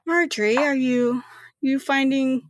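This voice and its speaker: A woman's voice: high voice, unhurried, no echo, pitched above the performer's own voice. A woman voicing a cold woman in charge who purrs and gives orders coolly. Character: cold woman boss in heels.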